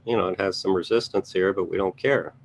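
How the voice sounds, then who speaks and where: A man's voice: low voice, fairly quick, creaky, slight background noise. A man giving casual live market commentary, thinking aloud as he scans charts and making chatty asides to his viewers. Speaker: trading educator reviewing charts.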